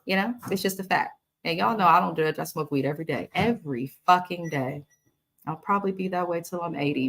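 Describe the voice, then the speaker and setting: Woman host, lowish voice, chatty live reality-TV recap, blunt and profane. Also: expressive, normal speed, fairly bright tone. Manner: chatty, talks straight to viewers. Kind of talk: casual live episode recap.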